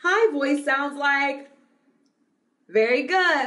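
A young woman teaching small children about singing, talking slowly and brightly, with lots of praise and sung examples. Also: wildly swooping pitch, dull audio. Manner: warm praising, sings examples, owl hoots and drum booms. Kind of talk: slow, sing-song lesson for small children.

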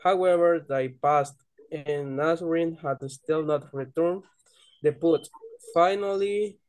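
Slow man reading aloud haltingly. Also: a little high, darkish tone, dry recording, rough recording. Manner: careful, halting reading with mispronunciations. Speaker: student.

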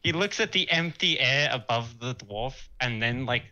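Bright-voiced man on a dull lo-fi mic. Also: mid-range voice, lively intonation, normal speed. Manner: describes his character's actions in third person. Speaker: player. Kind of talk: tabletop role-play.

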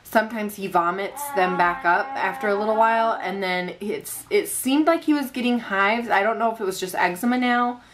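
A woman's voice: medium pitch, moderate pace, few pauses. A young woman vlogging at home with her baby, telling a story in an earnest, heartfelt way and rambling in long run-on sentences. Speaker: mother vlogging about faith. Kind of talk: casual faith vlog.

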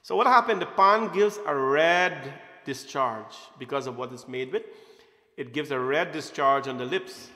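In a temple hall with roomy echo, a man speaks a little slowly in a mid-range voice that's bright and forceful. He keeps his satsang talk informal and playful, frequently quizzing the audience.

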